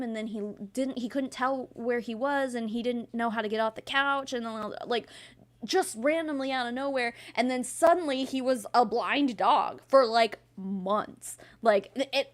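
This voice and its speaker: A woman host giving casual commentary and telling stories, sarcastic and animated, swearing freely. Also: on the high side.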